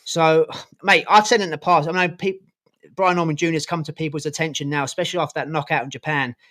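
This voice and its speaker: A man's voice: on the high side, fairly even intonation, quick pace, fairly bright tone. A man co-hosting a casual sports podcast, giving blunt opinions and swearing casually. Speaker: podcast co-host.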